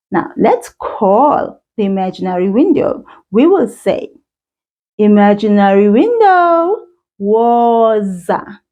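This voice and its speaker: A South African woman teaching children, with encouraging sing-song praise and slow call-and-repeat drills. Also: mid-range voice, mellow, husky. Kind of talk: slow, patient kids' lesson with call-and-repeat. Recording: dull lo-fi sound.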